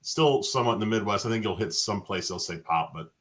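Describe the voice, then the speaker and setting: A man's voice: fairly low pitch, lively intonation, quick pace, fairly bright tone. A man from St. Louis chatting casually as a co-host, mostly chiming in with short reactions. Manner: brief reactive interjections. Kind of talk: casual chat.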